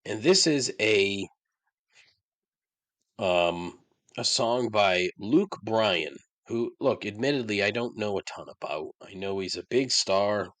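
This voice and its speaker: A man's voice: lowish voice, animated, takes it slowly, fairly bright tone, no echo. A man hosting his own podcast, ranting about songs he hates with sarcasm and frequent swearing. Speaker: podcast host. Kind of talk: casual monologue.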